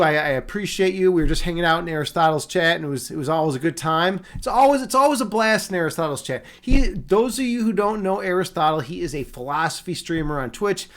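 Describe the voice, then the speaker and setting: Casual streamer host, male, high-pitched, from Chicago, rambling with lots of fillers. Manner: rambling, repeats words, frequent fillers. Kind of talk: casual live-stream chat.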